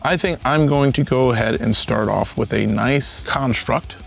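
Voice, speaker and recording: A young man hosting a tabletop card game show, energetic and jokey in casual banter. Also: medium pitch, unhurried, creaky, faint music behind. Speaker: host.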